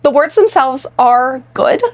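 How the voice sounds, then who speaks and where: This podcast co-host is a woman whose high voice carries lively intonation at a measured pace. Her talk is casual and conversational as she makes points plainly and steps through examples.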